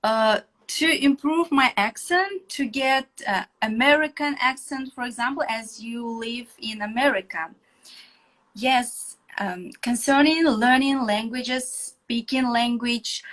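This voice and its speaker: Kazakh-accented woman hosting an interview, kinda high voice, lots of uhs and pauses. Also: a bit bright, low-quality recording. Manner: hesitant, many pauses and fillers. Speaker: host asking for advice. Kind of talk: casual interview chat.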